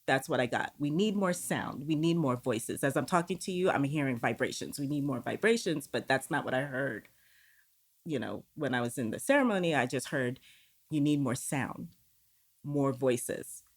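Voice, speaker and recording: A woman with a deep, low voice recounts a personal experience as a podcast guest. She talks candidly and swears now and then. She slips into quoted dialogue to act out the inner voices she heard. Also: expressive, normal speed. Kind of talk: personal storytelling.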